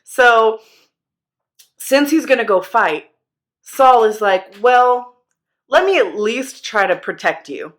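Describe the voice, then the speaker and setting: Woman, young adult, children's bible teacher, casual and lively storytelling. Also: fairly high pitch, takes it slowly, long pauses. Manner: animated, playful, acts out characters' lines.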